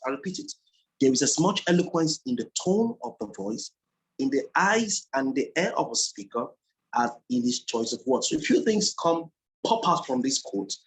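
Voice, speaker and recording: A man's voice: a little high, poor audio. A man teaching a public speaking class in an earnest way. He repeats key phrases for emphasis and often shifts his speed.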